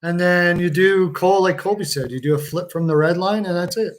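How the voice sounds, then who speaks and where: A man's voice: sits high, fairly quick. A man hosting a casual hockey watch-along stream, joking, laughing often and swearing freely. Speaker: livestream host.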